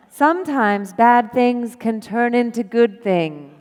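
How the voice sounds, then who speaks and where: A woman voicing a kind young female classmate at a live stage reading, gentle. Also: on the high side, lively intonation, slow, clear, resonant tone. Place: theater stage. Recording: long theater reverb.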